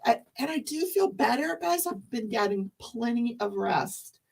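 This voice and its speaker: A woman's voice: on the high side, animated, measured pace, creaky, slightly rough, far from the mic. A woman hosting a craft livestream, chatting casually and greeting viewers. She is losing her voice. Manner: chatty, explains rules, greets viewers by name.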